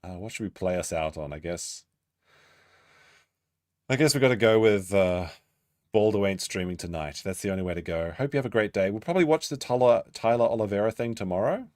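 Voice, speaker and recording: A man's voice: on the low side, expressive, brisk, a little mellow, no room sound, studio quality. A man hosting a stream and reacting to a clip, blunt and swearing freely in long asides. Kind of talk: casual reaction commentary.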